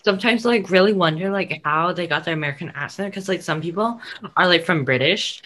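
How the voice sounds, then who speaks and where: A woman's voice: lowish voice, brisk, a bit bright. Rambling woman saying "like" a lot. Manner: rambling, heavy use of "like". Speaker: podcast co-host. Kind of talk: casual chat among friends.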